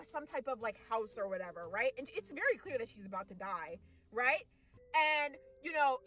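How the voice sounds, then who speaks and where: A young woman with a high, bright voice rants about a film in total disbelief, tripping over fillers and starting sentences again. She slips into mocking, overdone voices for the characters. Faint music plays underneath. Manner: exasperated, rambling with many fillers and restarts. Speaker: vlogger ranting about a movie. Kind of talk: casual rant.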